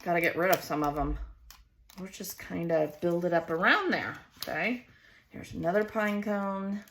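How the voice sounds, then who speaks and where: This casual scrapbooking vlog is hosted by a woman with a Southern US accent whose voice is on the low side and fairly bright, with a moderate pace and slight background noise. She chatters and questions herself while arranging stickers.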